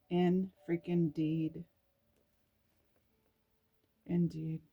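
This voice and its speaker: Female spiritual vlogger, lowish voice, unhurried, effusive reactions to scripture. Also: steady tone, mellow. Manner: emotional, exclamatory, reads scripture aloud and reacts. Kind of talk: reflective spiritual reading.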